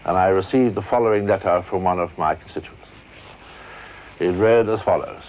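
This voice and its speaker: Man, MP, very deep voice, deadpan letter reading. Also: normal speed, pauses often, dull audio. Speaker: member of parliament.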